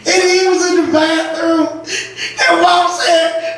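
A woman pastor preaching a sermon, telling stories with laughter and breaking into shouts. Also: extremely high pitch, fairly even intonation, unhurried. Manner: storytelling with laughter, rising to shouts. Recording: echoey church audio from far off.

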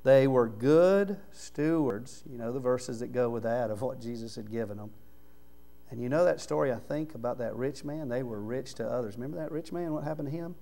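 A man preaching a sermon in church, talking conversationally and swinging from quiet low murmurs to loud, raised emphasis. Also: fairly quick, gravelly. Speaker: pastor. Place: church sanctuary.

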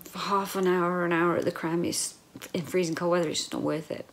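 A middle-aged woman records a casual personal video diary, rambling emotionally and frequently slipping into a whisper. Her voice is lowish and fairly even, her pace brisk, and a little background noise can be heard.

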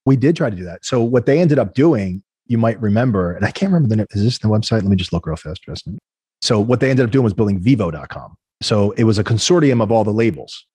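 A man, a guest entrepreneur, telling business stories in a lively, conversational way and acting out the other people in them. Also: fairly low pitch, quick pace, husky, no room sound. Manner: animated, acts out quoted voices. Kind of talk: conversational storytelling.

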